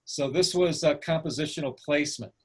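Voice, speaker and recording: A man's voice: fairly high pitch, brisk, husky. A man teaching a photography class over a video call, asking the students questions and encouraging them.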